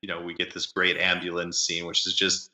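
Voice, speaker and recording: Man, low pitch, bright forceful tone, roomy echo, thoughtful podcast talk. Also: monotone, brisk. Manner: reflective, thoughtful analysis. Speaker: podcast co-host. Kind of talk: casual movie review chat.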